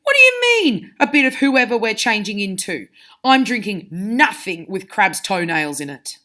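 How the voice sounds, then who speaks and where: A woman voicing an excitable, indignant teenage boy wizard, read aloud from a storybook. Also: mid-range voice, normal speed, close to an everyday voice.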